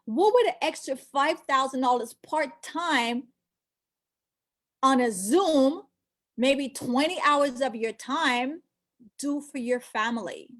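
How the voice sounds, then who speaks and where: A middle-aged woman, born outside the US, recruiting for a financial business in an emphatic motivational pitch, repeating key phrases and asking rhetorical questions. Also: slow pace.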